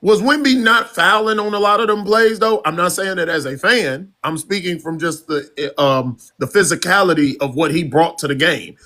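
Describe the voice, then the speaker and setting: Rambling man with a slightly high voice. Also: moderate pace, hardly any pauses, bright, forceful tone. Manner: rambling, hesitant questions with many restarts. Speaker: podcast co-host. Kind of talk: casual sports talk.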